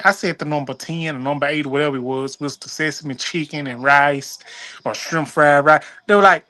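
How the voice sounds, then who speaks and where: Animated woman telling a story. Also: low-pitched, normal speed. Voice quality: animated, laughing storyteller with colloquial slang. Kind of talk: casual chat, storytelling.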